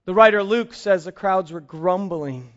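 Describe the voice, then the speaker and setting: A man preaching a sermon as a pastor, telling family stories in an animated way and slowing down to stress key points. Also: high voice, highs cut off. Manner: storytelling, animated, slows for emphasis.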